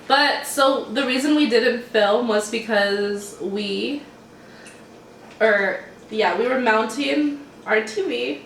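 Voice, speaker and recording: A woman's voice: a little high, slow pace, fairly bright tone, slight background noise. A young woman hosting a mukbang at home, chatting casually and rambling in a laid-back way while she eats. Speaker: mukbang host. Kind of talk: casual chat while eating. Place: home, eating at a table. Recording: roomy room sound from a distant mic.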